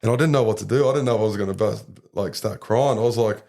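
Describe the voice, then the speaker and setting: A young Australian rugby league player, appearing as a podcast guest, tells a story in a casual chat. His very low voice has a gravelly fry, and he talks quickly and mellowly, rambling between thoughts and relying on fillers.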